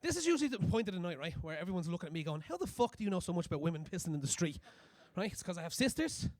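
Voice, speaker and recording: A young man doing a crude, animated stand-up comedy set on a club stage, acting out scenes as he goes. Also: high voice, very fast, no echo.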